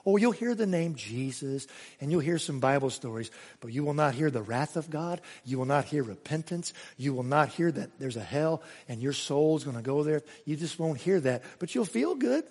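A male pastor preaching a sermon, emphatic, swinging between raised exclamations and hushed asides. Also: a little high, lively intonation, moderate pace, husky, long reverb tail. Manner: emphatic preaching with sudden rises and hushed drops.

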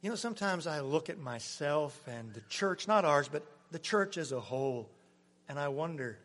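A man preaching a sermon as pastor, swinging from loud emphasis to hushed, near-whispered lines. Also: a little high, expressive, moderate pace. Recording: long hall reverb.

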